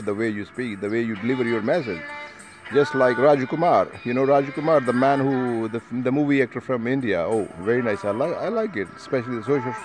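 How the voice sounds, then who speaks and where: Chatty man with music behind. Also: mid-range voice. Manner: chatty, addresses listeners one by one, frequent tag questions. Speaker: vlogger addressing an online speaking group. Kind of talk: casual rambling video message. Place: outdoors while travelling.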